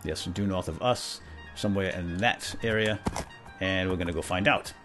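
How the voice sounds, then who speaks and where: Faint music plays behind a deep-voiced man speaking at a moderate pace. He's a role-play gamer narrating in character, voicing a pompous, bumbling knight who prattles comically at his animal companions.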